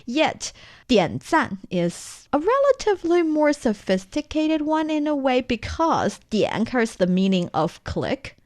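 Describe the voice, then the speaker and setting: A woman's voice: high voice, a little slow, dry recording. A woman with a Chinese accent, a native Chinese speaker, co-hosting a language-learning podcast and explaining words step by step in a chatty way. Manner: explains word by word, lively and chatty. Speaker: podcast co-host and Chinese teacher.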